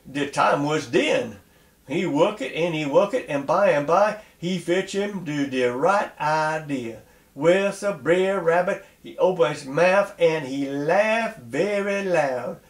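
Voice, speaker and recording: A man telling a folk tale aloud in a lively dialect style. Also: on the high side, slow, echoey room. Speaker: storyteller.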